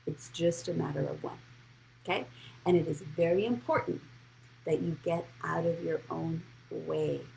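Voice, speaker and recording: A woman money coach talking straight to her live audience with a low, gravelly voice. She is blunt and encouraging and reacts to viewer comments as they come in. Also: measured pace, a little mellow, slight background noise, poor audio. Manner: direct, blunt and encouraging, addresses viewers by name; reads and answers live comments. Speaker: financial coach and show host. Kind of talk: live-streamed motivational money talk.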